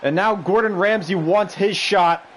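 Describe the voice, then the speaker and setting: A man's voice: high-pitched, measured pace, fairly bright tone, slight background noise, poor audio. A man streaming a wrestling video game, calling the action in a bombastic mock announcer voice and bantering with the chat.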